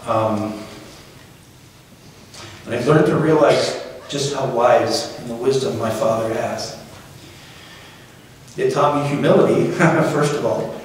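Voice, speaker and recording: A middle-aged man giving his father's eulogy at a funeral, speaking in a halting, reflective way with gentle humor. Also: mid-range voice. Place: funeral chapel. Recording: very echoey hall from far off, faint noise.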